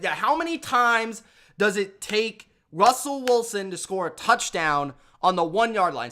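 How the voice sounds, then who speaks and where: A young man ranting in an animated, exasperated way while recapping football games. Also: sits high. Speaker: sports commentator.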